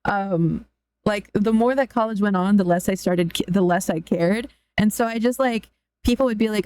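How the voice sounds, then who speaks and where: A woman's voice: medium pitch, moderate pace, a little mellow, clean tone, dry recording. Blunt young woman streamer, dry close mic. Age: young adult. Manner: blunt, swears freely. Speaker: VTuber streamer. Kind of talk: casual live stream chat.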